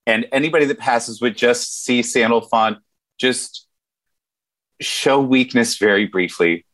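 A man narrating his own character in a tabletop game, with slow, halting, in-character narration. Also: medium pitch, a bit bright. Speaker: player.

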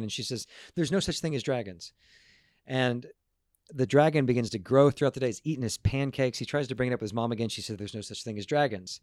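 A man's voice: medium pitch, dry recording, clean studio sound. Earnest man telling stories, stumbling over words. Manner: earnest, animated, with stumbling repeated restarts. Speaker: guest speaker on parenting and emotions. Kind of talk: casual storytelling talk to a group.

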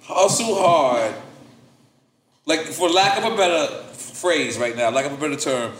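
A man hosting an interview, animated and emphatic, often repeating words for effect. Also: on the high side, fairly quick, roomy sound. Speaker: interviewer host. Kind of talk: casual interview talk.

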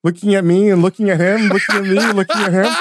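A middle-aged man hosting a podcast, chatting casually and telling stories with animated, mock-outraged emphasis. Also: high voice, fast talker, dry recording, clean studio sound. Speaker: podcast host. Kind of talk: casual chat.

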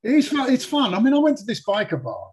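A man's voice: extremely high pitch, sing-song, a little fast, slightly rough. An English man talking casually as a guest, hesitant, with many fillers and restarts. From England. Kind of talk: casual chat.

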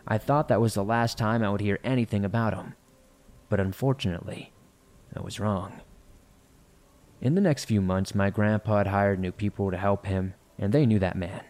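A man reading listener-submitted horror stories aloud in a measured, somber narration. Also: fairly low pitch, fairly even intonation, a little mellow.

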